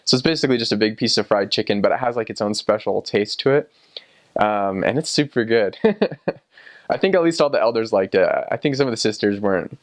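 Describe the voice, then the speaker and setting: A young man talks in an easygoing, meandering way, with a lot of ums and false starts. His voice sits a little low, and the recording is dry and close, with no room sound. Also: a little fast, no echo. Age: young adult. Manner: relaxed and rambling, many ums and restarts, chuckles often. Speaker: returned missionary. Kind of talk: casual personal recollection.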